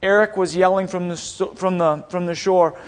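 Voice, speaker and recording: Man, high voice, young adult, animated storytelling sermon, acts out quotes, chapel speaker. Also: normal speed.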